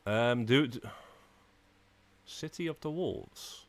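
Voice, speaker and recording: A man's voice: mid-range voice, extremely slow. A man live-streaming a game, chatting loosely with viewers, full of "uh" and "man" while he plays. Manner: chatty, frequent "uh" and "man", talking to chat while playing. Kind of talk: casual live-stream chat.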